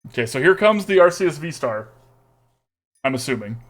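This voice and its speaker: A man's voice: fairly high pitch, very animated, normal speed, fairly bright tone. A young man streaming a card game, thinking aloud and humming to himself as he weighs each play. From Texas. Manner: thinks aloud, mutters and hums while weighing plays.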